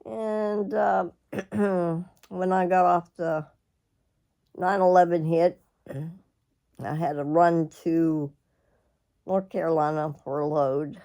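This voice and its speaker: A middle-aged woman, telling a personal story in a rambling, halting way, often clearing her throat. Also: fairly low pitch, steady tone, mellow. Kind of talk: casual storytelling.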